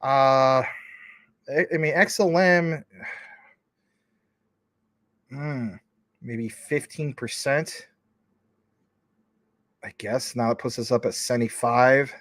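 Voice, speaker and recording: A man's voice: mid-range voice, very slow, pauses often, fairly bright tone, no echo. A man hosting a casual livestream, reading viewer comments in a rambling, informal way with many fillers. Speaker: crypto livestream host.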